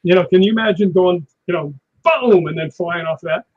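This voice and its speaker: Stunt guy guest with a high husky voice spinning animated war stories, dull lo-fi audio. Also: fairly quick, a crowd in the background. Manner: animated, acts out impacts with sound words. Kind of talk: anecdotal storytelling on a live show. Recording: dull lo-fi sound.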